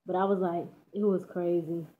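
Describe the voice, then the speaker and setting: A teenage girl from Dallas, Texas tells a story in slangy, casual chat and laughs as she goes. Her voice is lowish with little pitch movement at a moderate pace, and the audio sounds tinny, like a phone.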